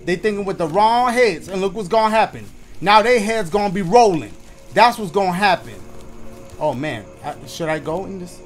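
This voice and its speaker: A man's voice: sits high, lively intonation, normal speed, faint music behind. A man giving let's-play commentary, joking with the audience and his partner, then muttering nervously. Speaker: gaming YouTuber.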